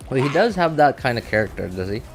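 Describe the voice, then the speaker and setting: A man's voice: mid-range voice, very animated, fast, soft background music. A man streaming a game and chatting casually, rambling and laughing at himself. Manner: rambling, self-mocking, laughs often. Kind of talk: casual live-stream chat.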